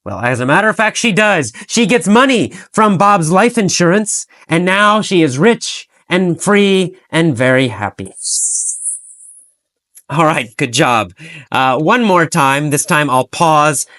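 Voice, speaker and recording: A man's voice: on the high side, animated, unhurried, fairly bright tone, no echo, studio quality. A man teaching an English lesson, telling a story through repeated questions and answers and asking listeners to repeat key phrases.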